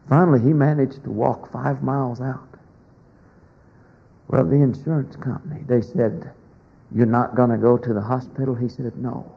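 A male preacher tells a folksy story with a gravelly, husky voice. He swings from shouting to near whispers as he works the story. The recording sounds dull and lo-fi. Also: mid-range voice. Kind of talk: sermon storytelling.

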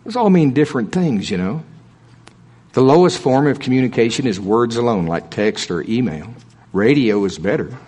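A male preacher delivers a sermon in a relaxed, folksy manner, chatting with the congregation rather than orating. He leans hard on key points, repeats them for weight, and slips in dry humorous asides. His voice sits at a middling pitch. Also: moderate pace, breathy edge.

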